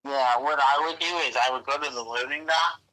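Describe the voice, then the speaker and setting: A man on a phone call with a very bright, sharp tone at a middling pitch. He answers haltingly and apologetically, stopping and restarting as he works things out. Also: steady tone. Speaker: prank call target. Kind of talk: phone conversation.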